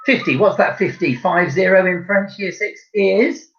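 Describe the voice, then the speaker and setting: Chatty teacher, slightly dull audio. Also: male voice, sits high. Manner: encouraging, chatty, spells letters out slowly. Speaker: primary school French teacher. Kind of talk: recorded online lesson.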